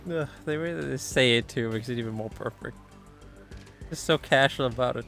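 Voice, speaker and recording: A man's voice: mid-range voice, huge pitch swings, measured pace, pauses often, a bit bright, faint music behind. A man streaming a game, chatting casually, laughing a lot and repeating the game's lines. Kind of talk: casual gameplay commentary.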